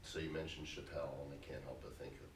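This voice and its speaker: A man's voice: a bass voice, little pitch movement, fast talker. A man hosting a podcast conversation, adding brief wry asides, recorded on a phone in an apartment room. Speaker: podcast host. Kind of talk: casual conversation. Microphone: phone recording from across the room. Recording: echoey room, distant phone mic, faint ambience.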